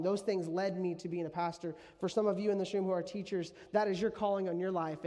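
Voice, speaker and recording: High-voiced pastor preaching in a reverberant hall. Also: male voice, mellow. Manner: conversational, repeats key phrases for emphasis. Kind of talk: sermon. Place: church sanctuary.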